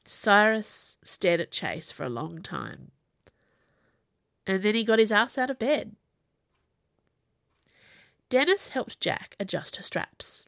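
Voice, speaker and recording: A woman reads a novel aloud in scripted narration, measured and even. Her voice sits at a middle pitch. The recording is dry and close. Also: creaky, no room sound. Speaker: audiobook narrator.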